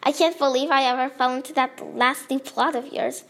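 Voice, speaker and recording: Woman, high voice, lively story reading, expressive. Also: moderate pace. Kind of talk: reading her own story aloud.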